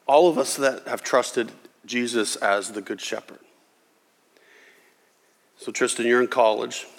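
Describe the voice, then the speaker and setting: A man preaching a sermon as a pastor, animated, voicing Jesus and God in quoted lines. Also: medium pitch, unhurried, creaky. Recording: reverberant hall.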